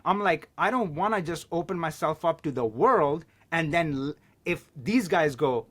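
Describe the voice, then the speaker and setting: A man talking as a podcast guest, telling stories in an animated way and swearing casually. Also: fairly high pitch, normal speed, husky. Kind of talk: casual chat.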